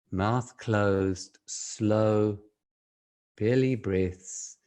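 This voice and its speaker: A man explaining breathing in a slow, measured way, sometimes dropping to a soft, low voice. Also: husky. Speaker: speaker giving breathing advice. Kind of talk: calm explanatory talk to camera.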